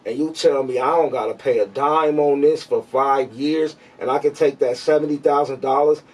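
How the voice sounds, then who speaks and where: Casting: podcast host, husky man, relaxed but argumentative, mic set back. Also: medium pitch, far from the mic. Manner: laid-back, swearing, argues in quick bursts. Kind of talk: casual debate chat.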